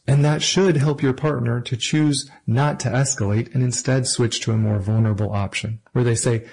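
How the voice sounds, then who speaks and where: A man giving an earnest, measured lesson on relationships and acting out example phrases between partners. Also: mid-range voice, darkish tone, husky, low-quality recording. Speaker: relationship teacher. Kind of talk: instructional talk to camera.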